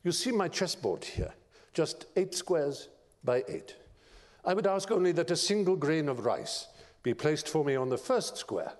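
A man voicing an elderly, cunning Persian inventor with a Farsi accent, speaking in a calm, sly, measured way. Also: a little high, pitched above the performer's own voice. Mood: modest. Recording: long reverb of a large lecture hall.

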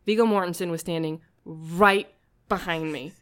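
A woman's voice: lowish voice, moderate pace, clear, resonant tone. A woman in her thirties, a podcast guest, telling a casual story and acting out the voices of people she quotes. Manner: animated, acts out quoted voices.

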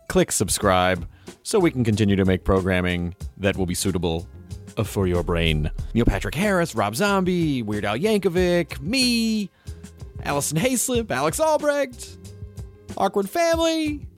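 Lively playful male podcast host. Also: lowish voice. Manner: playful, jokey, slips into a radio DJ voice. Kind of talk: casual podcast chat and ad reads.

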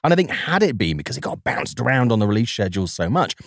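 A man's voice: medium pitch, sing-song, fast, dry recording, clean studio sound. A man with a fruity, mixed Welsh and English British accent, chatting as a podcast guest, self-deprecating and full of restarts. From United Kingdom. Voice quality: fruity, plummy. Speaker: podcast guest, film journalist. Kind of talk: casual podcast chat.

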